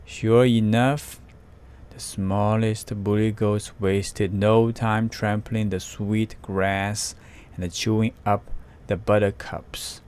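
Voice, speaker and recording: A man reading a picture book aloud slowly and carefully, with spoken sound effects. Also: on the low side, steady tone, a little mellow, clean tone. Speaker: storyteller.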